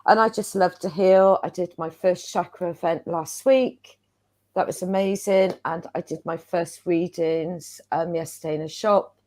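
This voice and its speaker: A woman from the UK, a holistic therapist, introducing herself hesitantly with many pauses. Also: lowish voice, a little mellow. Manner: unhurried, hesitant, many ums. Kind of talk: casual self-introduction.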